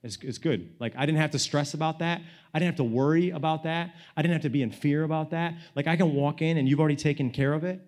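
A young man preaching a sermon, telling a personal story in a casual, animated way that swings from loud to hushed, with lots of "like" and "you know". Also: a little high, quick pace, hardly any pauses. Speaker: pastor.

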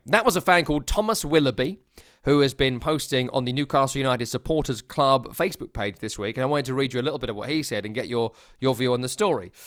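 A man's voice: medium pitch, a bit bright, no echo. Guy rambling about football, wry and chatty, mid voice, dry mic. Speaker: podcast co-host. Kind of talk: casual football chat.

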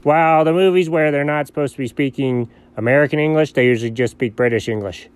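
As a co-host in comedy banter, a man plays a curious, nerdy young sidekick who keeps firing off quick follow-up questions. His voice is natural, clear and resonant, with a fairly high pitch.

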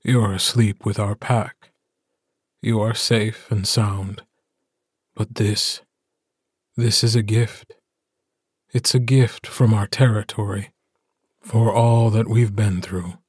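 A man voicing a gentle, steady male alpha werewolf, speaking in a soft, slow, soothing way. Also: on the low side, breathy edge, no room sound, clean studio sound. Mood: tender.

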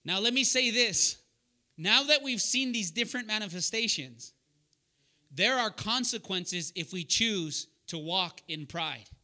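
Man, sermon, high voice, very bright and forceful, earnest personal storytelling. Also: animated, unhurried. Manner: calls on listeners by name and asks them questions. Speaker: preacher leading a young adults Bible study.

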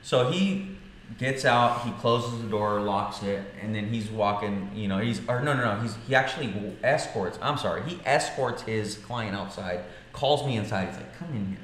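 A man in his thirties, a podcast co-host, telling a story in casual chat, animated and profane, acting out the dialogue. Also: lowish voice, normal speed. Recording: echoey room with faint noise.

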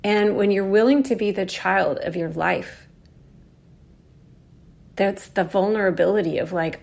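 A woman's voice: mid-range voice, a little slow, creaky, long pauses, darkish tone. A woman giving a reflective, earnest spiritual talk about astrology, casually swearing and acting out inner voices. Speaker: astrology speaker.

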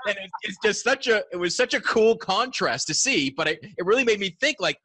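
A man interviewing a guest, asking questions in a halting way with many restarts. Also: high-pitched, animated, sharp tone, no room sound. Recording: dry, close sound.

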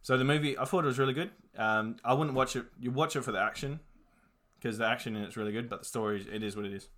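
Young Aussie man, bright rambling chat. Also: mid-range voice, quick pace. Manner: laid-back, rambling, many fillers and swearing. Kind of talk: casual chat reviewing movies.

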